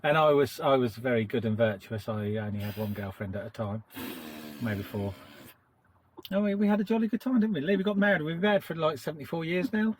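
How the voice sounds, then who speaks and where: Middle-aged man, cheeky joker, lively voice, slightly high, faint hiss. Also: a little fast. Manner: joking, cheeky banter. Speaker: vlogger. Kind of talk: casual vlog chat. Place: outdoors by a narrowboat.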